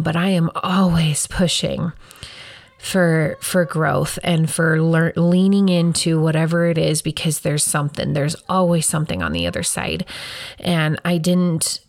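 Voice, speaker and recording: A woman's voice: lowish voice, vocal fry, no room sound. A woman in her thirties, a podcast host, talking earnestly and reflectively about her own life in a casual way. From Wyoming, US. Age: 30s. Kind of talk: personal casual talk.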